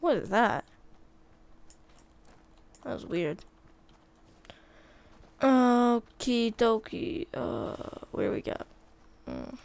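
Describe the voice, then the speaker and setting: A woman giving casual, chatty commentary while playing a video game, easily excited by what she finds. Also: mid-range voice, vocal fry, clean tone. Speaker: gaming video creator.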